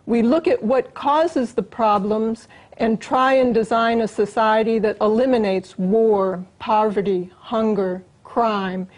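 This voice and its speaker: A woman's voice: a little high, steady tone, slow, a little mellow, poor audio. A woman as an interview guest, talking in an earnest, explanatory way.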